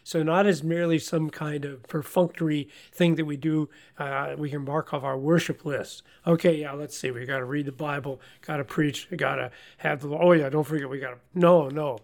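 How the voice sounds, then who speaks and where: Earnest gravelly middle-aged man teaching scripture. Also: on the high side, fairly even intonation, normal speed, few pauses. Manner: earnest, folksy, repeats words when starting. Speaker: Bible study host. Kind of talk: conversational Bible discussion.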